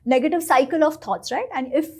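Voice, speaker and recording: A woman, a guest author, telling stories in an animated and expressive way during an interview. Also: high voice, brisk. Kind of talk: storytelling in a podcast interview.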